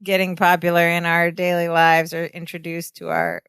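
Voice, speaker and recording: A woman's voice: fairly low pitch, completely flat delivery, vocal fry, a bit bright, smooth, no room sound, studio quality. A woman in her forties co-hosting a podcast, chatting casually as she recaps a sitcom episode. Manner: chatty, retells scenes with quick voices. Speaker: podcast co-host.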